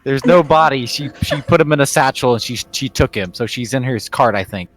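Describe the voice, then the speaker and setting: A man's voice: mid-range voice, brisk, crowd noise, rough recording. Hesitant male tabletop player. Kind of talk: casual tabletop play.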